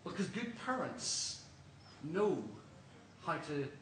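An Irish man preaches to his congregation, earnest and questioning, in a slightly higher voice. The sound carries through a roomy church from a mic set some way off, with a faint hum behind. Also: big pitch swings, slow, far from the mic. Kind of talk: sermon.

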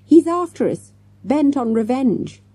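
Woman playing a melodramatic little girl, breathless, high and swoopy, husky edge. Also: animated, moderate pace, dark tone, no echo. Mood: dramatic. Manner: breathless and theatrical. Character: melodramatic excitable schoolgirl.

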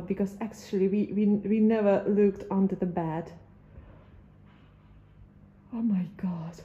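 A woman's voice: medium pitch, mellow, slightly rough, dull audio. A woman vlogging as she renovates an old house, talking casually, nervous and breathless, gasping and laughing between lines. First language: Russian. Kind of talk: casual vlog chat. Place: inside an old empty house.

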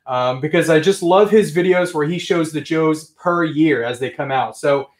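A man hosting a casual livestream, talking excitedly and ranting to his chat. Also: on the high side, normal speed. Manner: excitable, ranting, says friggin' often. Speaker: livestream host.

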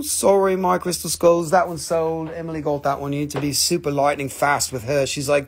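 A man hosting a casual live-stream sale, excitable and joking with viewers, swearing freely. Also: fairly high pitch, brisk, creaky, husky. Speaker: live-stream mineral seller.

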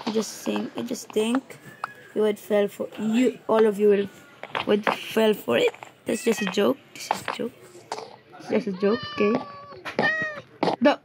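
A woman giving playful live commentary while gaming, chatty and joking, who bursts into panicked shouting. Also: medium pitch, fairly even intonation, unhurried, gravelly, long pauses, background noise. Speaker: gamer.

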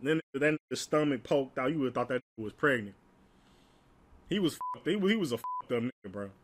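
A man's voice: medium pitch, lively intonation, brisk, background noise. A young man from Alabama, telling profane, laugh-filled stories in a casual way. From Alabama, United States. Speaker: storyteller. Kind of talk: casual storytime.

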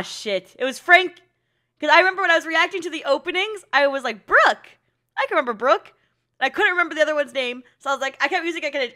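A woman's voice: high voice, pushed and bright. A woman hosting an anime reaction video, chatting casually, giggling often and teasing herself. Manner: giggly, chatty, self-mocking, swears casually. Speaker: anime reaction channel host.

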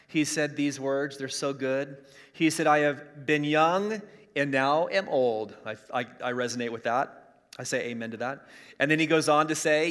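A man's voice: medium pitch, fairly bright tone, clear, resonant tone. A middle-aged man preaching a sermon as pastor, driving points home by repeating them, streamed from his church. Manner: emphatic, repeats key lines for emphasis. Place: church streaming an online service. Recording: long hall reverb.

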